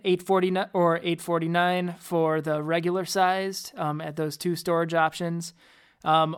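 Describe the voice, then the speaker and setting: A woman with a lowish, smooth voice co-hosts a podcast of casual tech chat. She sounds hesitant and often repeats words when starting a sentence.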